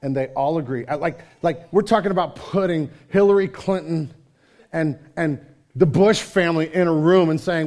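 A middle-aged man preaching a sermon as a pastor, in a conversational, animated way with quoted voices. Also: a little high, a little fast.

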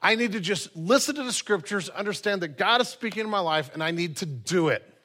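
A male pastor delivers a sermon in an earnest way, circling back to repeat key phrases. His voice sits a little high and sounds bright and forceful. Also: lively intonation, fairly quick.

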